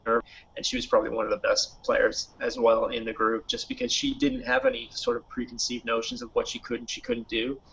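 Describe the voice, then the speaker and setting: A man who designs games, talking in a relaxed, conversational way on a podcast panel, posing questions and sharing stories. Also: mid-range voice, brisk, gravelly. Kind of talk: casual panel discussion. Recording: dull lo-fi recording.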